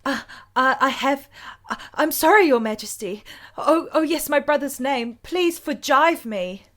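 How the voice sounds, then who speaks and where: A woman's voice: on the high side, normal speed, darkish tone, pitched above the performer's own voice, close to an everyday voice. A woman reading a nervous young noblewoman's lines, flustered and stammering.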